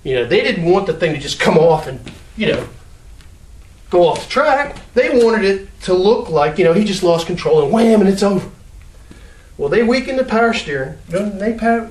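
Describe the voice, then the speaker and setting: A man's voice: sits high, a little hiss or hum. A man casually telling a made-up story, acting out sounds and gestures as he goes. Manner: animated, acts out sounds and gestures. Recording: roomy echo, mic at a distance.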